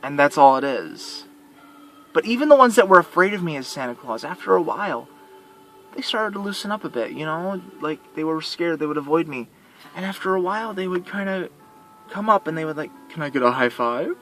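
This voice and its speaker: Earnest male vlogger, high-pitched, rambling monologue. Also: expressive, fairly quick, a bit bright, soft background music. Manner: earnest and rambling, with repeated restarts. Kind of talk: heartfelt personal vlog monologue.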